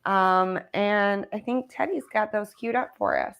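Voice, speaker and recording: A woman's voice: mid-range voice, unhurried, vocal fry, fairly bright tone, clean tone. A woman hosting a livestream show in casual, upbeat chat, often laughing. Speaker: show host.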